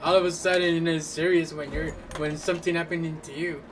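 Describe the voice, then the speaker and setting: A man's voice: on the high side, brisk, noisy background. A man casually commenting on a pinball game, cursing and laughing. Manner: profane, laughing, animated. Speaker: gamer. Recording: distant mic with loud game music.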